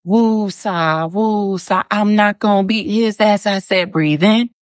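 A woman's voice: mid-range voice, takes it slowly, dry recording, studio quality. A woman in a comedy sketch clip, exasperated and talking herself through her anger with breathing exercises.

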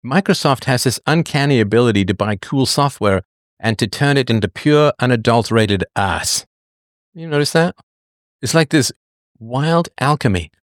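A middle-aged man hosting a live chat show, talking casually with wry jokes and drawn-out emphasis. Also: medium pitch, expressive, dry recording, clean studio sound. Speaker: podcast host.

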